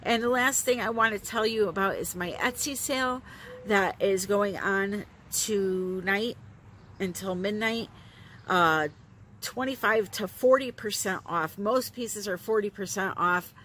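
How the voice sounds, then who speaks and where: A woman with a light New England accent talks viewers through a resin art project. Her delivery is slow and unhurried, chatty and upbeat, and she laughs easily at herself. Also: medium pitch, fairly bright tone, slight background noise. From northeastern United States. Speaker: resin art channel host. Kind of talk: casual craft tutorial.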